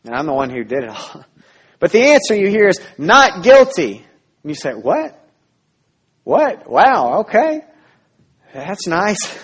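A man preaching a sermon as pastor, earnest, dropping to a hush and then rising loud again. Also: fairly high pitch, husky. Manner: earnest preaching, swinging between hushed and loud.

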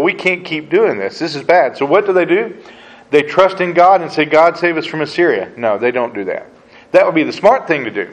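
A man's voice: a little high, low-quality recording. A man teaching a Bible study in a casual, conversational way, asking rhetorical questions and acting out quoted voices.

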